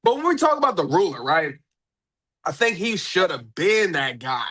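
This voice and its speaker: A high-voiced man hosts his own podcast, riffing casually on his own with lots of energy. He jokes around, laughs often, and hams up getting choked up. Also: normal speed. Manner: excitable, joking, often laughing, fake choked up. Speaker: podcast host. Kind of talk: casual solo commentary.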